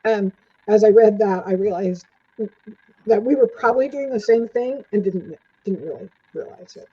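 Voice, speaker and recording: A woman's voice: mid-range voice, normal speed, husky. An older woman, a returning interview guest, telling her own stories in a chatty way, laughing often and acting out what people said. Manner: chatty, laughs often, acts out quoted lines. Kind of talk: storytelling in a casual interview. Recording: dull lo-fi sound.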